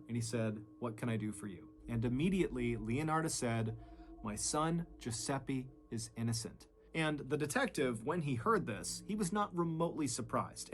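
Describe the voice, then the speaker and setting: A man narrating a true crime story with dramatic shifts in pitch and loudness.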